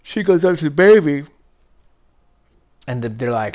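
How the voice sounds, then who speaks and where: A man's voice: medium pitch, normal speed, a little mellow. A man hosting his own channel, rambling casually and swearing lightly as he talks through a story late at night. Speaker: video essay host.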